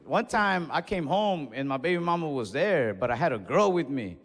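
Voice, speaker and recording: Laid-back young male stand-up comic. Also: a little high. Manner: laid-back, deadpan storytelling with quick voiced asides. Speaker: stand-up comedian. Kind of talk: stand-up comedy set. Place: comedy club stage. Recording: reverberant club hall with faint crowd noise.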